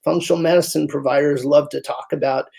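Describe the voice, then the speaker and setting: Gravelly-voiced man telling animated stories. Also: on the high side, quick pace. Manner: animated storyteller who acts out voices. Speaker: guest physician. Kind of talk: conversational interview.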